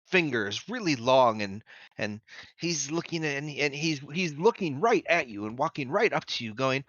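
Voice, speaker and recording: A man running a tabletop game, describing scenes off the cuff with plenty of fillers and restarts. His voice is bright and lively in pitch, heard dry over slightly dull, lo-fi stream audio. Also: unhurried, no room sound. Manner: animated, improvises descriptions with fillers. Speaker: game master.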